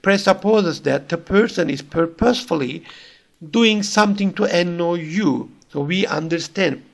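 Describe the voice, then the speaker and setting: A man's voice: high voice, unhurried, creaky. A man giving a recorded university lecture, explaining patiently with frequent fillers.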